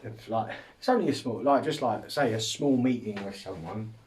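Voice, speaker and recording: A man's voice: on the low side, moderate pace, darkish tone, distant mic, a little hiss or hum. Rambling, self-amused man. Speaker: podcast host. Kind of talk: casual comedic monologue.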